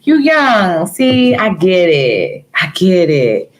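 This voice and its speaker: A woman's voice: fairly low pitch, very animated, slow, poor audio. A woman reading tarot cards on a live stream. She answers viewers in a casual, teasing way, calls them girl and baby, and mixes jokes with earnest advice. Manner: laughs often, jokes then turns earnest. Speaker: tarot reader livestreaming to viewers.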